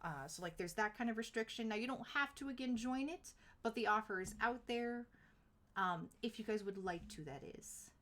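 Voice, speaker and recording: A young woman's slightly high, somewhat bright voice carries her casual live stream. Her storytelling meanders, full of "like" and brief bursts of laughter.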